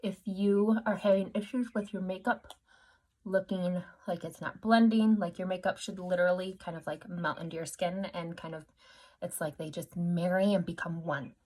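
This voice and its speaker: A woman's voice: fairly low pitch, steady tone, moderate pace, darkish tone. A woman makeup artist giving a casual, chatty makeup tutorial to her customers, upbeat and self-deprecating.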